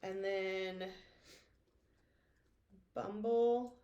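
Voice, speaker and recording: A woman's voice: medium pitch, fairly even intonation, extremely slow, warm tone, lo-fi sound. A woman hosting a casual stitching chat, rambling and apologetic as she shows off a haul. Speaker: flosstube host. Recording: echoey room with faint noise.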